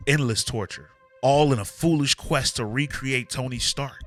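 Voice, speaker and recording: Laid-back comic recap host, bright tone, slangy delivery. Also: male voice, mid-range voice, normal speed, soft background music. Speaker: comic book channel host. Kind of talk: casual comic recap narration.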